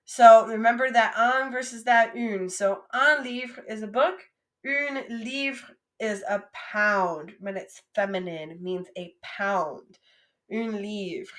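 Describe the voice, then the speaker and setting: A woman teaching French vocabulary patiently, saying words and pausing for the listener to repeat them. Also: medium pitch. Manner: patient, drills words for repetition. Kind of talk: recorded classroom lesson.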